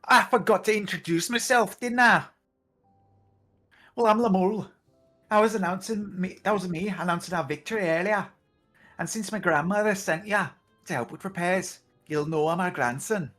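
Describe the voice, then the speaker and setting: A woman's voice: fairly low pitch, normal speed, a bit bright. A woman voicing a cheerful, helpful young male townsman in a Scouse accent, reading game dialogue. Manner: chatty and polite, bursts of hearty exclamation. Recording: background music under the voice.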